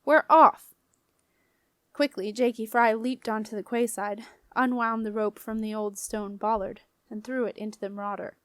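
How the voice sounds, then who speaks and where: A woman's voice: on the high side, little pitch movement, moderate pace, few pauses, dry recording. Woman reading a storybook, dry close sound. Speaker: audiobook reader. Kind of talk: audiobook narration of a children's fantasy novel.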